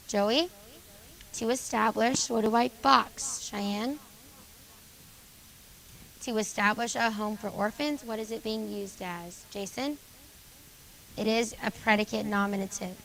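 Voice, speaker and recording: A woman teacher going over grammar exercises with a junior high class, calling on students by name and confirming their answers. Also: gravelly, a bit bright, poor audio. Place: school classroom.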